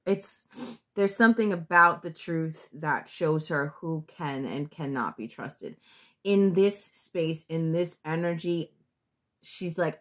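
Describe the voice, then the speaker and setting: A woman's voice: sits low, lively intonation, slow, a bit bright. A woman giving a casual tarot reading to her viewers, blunt and sometimes profane, thinking aloud and restarting her sentences. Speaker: tarot reader.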